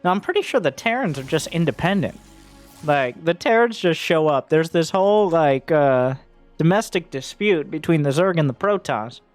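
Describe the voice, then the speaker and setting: A man casting a strategy game match, joking around and getting loud and excited at big plays. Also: a little high, normal speed, faint music behind. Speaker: esports caster. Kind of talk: game commentary.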